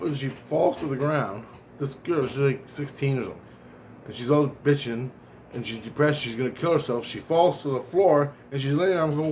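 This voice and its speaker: A man's voice: mid-range voice, moderate pace, a little mellow, slight background noise. A man vlogging, telling a long personal story in a rambling, profane way, often restarting and correcting himself. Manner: profane, digressive, self-correcting.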